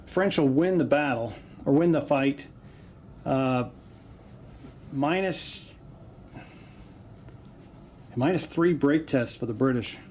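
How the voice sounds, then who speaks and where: Speaking at medium pitch with a slightly mellow quality, a man narrates a tabletop wargame battle report from his home basement. He calls dice rolls casually, chatting and cracking jokes with plenty of "uh" fillers, and a faint hiss or hum runs under the recording.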